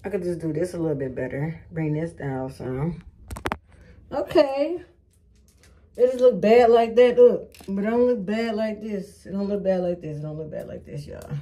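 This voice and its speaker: Woman, mellow voice, casual profane vlog chatter to viewers. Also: medium pitch, normal speed, a little hiss or hum. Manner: frustrated, profane, talking to viewers. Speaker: beauty vlogger. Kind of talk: casual self-filmed hair vlog.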